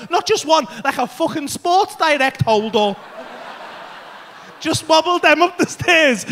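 High-pitched bright stand-up guy, sweary and loud, yelling bits of the story at a club crowd. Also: a little hiss or hum. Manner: brash, sweary storytelling with bursts of shouting. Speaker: stand-up comedian. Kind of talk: stand-up comedy set. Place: comedy club stage.

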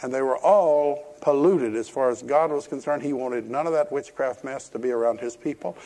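A man's voice: mid-range voice, moderate pace, mellow. A man preaching a sermon, retelling scripture in a folksy, storytelling way with emphatic warnings.

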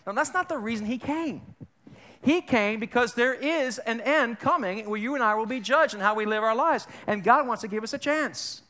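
A high-pitched man preaches to his congregation in a loose, conversational way. He asks the room questions, stumbles and restarts his phrases, and slips in jokes between points. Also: lively intonation, normal speed, pushed and bright. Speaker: pastor. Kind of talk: sermon. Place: church sanctuary.

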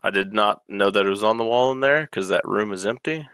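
A rueful male game contestant talks about his loss. His voice is very deep and gravelly. It still comes through smooth and resonant, with a dry, close sound. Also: a little fast, fairly bright tone, no room sound. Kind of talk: casual chat.

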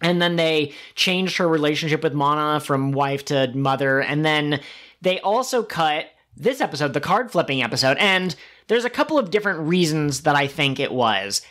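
A man's voice: a little high, lively intonation, moderate pace, fairly bright tone. A man co-hosting a podcast, enthusiastically recapping an episode and acting out quoted lines. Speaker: podcast co-host. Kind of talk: casual chat.

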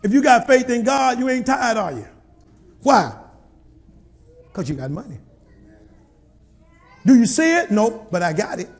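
A man preaching a sermon as pastor, in a folksy, colloquial way, calling out to the congregation and rising to shouts. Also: extremely high pitch, expressive, unhurried, gravelly, long pauses.

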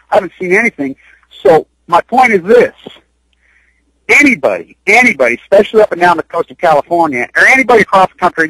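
A man's voice: sits high, a bit bright, breathy edge, no echo, rough recording. A man speaking on a radio interview, urgent and rambling, repeating himself as he pushes his point. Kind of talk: impassioned radio interview talk. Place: Utah.

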